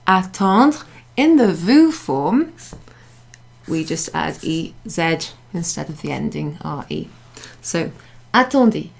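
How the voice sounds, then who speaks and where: A woman leads a beginners' class in a small room, explaining each point patiently and repeating every example. Her voice sits a little low. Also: gravelly, a little mellow. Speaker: French teacher. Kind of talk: classroom French lesson.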